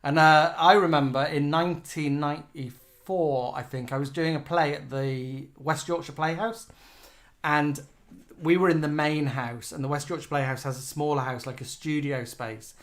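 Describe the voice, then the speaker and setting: Co-host: middle-aged English man, somewhat high voice, chatty and giggly, reads out comments. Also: fairly even intonation, normal speed, fairly bright tone. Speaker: podcast co-host. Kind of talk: casual chat reading viewer comments.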